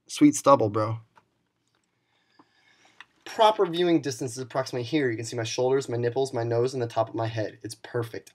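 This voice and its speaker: A young man rants into the camera, swearing constantly and hurling sarcastic insults in a mock-angry comedic tirade. His voice sits at an ordinary middle pitch for a man. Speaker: league commissioner character reviewing videos. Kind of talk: scripted comedic rant to camera.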